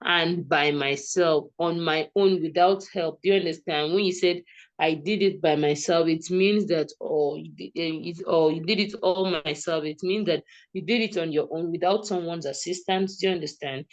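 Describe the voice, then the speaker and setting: A woman's voice: on the low side, normal speed, poor audio. A woman tutoring English grammar over a video call, explaining patiently and often checking that her student understands. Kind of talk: online one-to-one grammar lesson.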